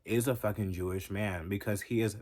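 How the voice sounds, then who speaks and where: A man with a lowish voice delivers a profane, heated reaction rant straight to his viewers. He talks emphatically and angrily as a vlogger. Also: fairly even intonation, brisk, darkish tone. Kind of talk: ranting reaction commentary.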